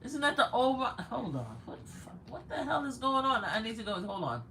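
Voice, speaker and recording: An older woman from Brooklyn with a New York accent, hosting a casual livestream where she reads texts aloud and reacts loudly with swearing and laughter. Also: fairly high pitch, sing-song, a little fast, a little hiss or hum. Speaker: livestream host.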